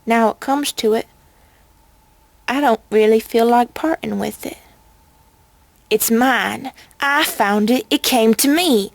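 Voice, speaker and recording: A woman voicing a possessive old female pony with a high, quavery old voice. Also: slow, vocal fry, pauses often, no room sound. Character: old female pony, fond of her ring, turning possessive.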